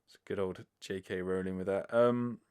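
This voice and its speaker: A British man hosts his own podcast alone, working through listener questions. His voice sits a little low. He talks loosely, wanders off on tangents, pokes fun at himself and swears now and then. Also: fairly even intonation, moderate pace, a little mellow, clear, resonant tone. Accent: British English. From Britain. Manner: rambling, self-deprecating, swears casually, lots of fillers. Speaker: podcast host. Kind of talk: casual solo podcast answering listener questions.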